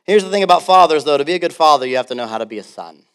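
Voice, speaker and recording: Animated storytelling male pastor. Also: a little high, rapid-fire, smooth. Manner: animated storytelling with laughs and acted-out quotes. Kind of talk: sermon.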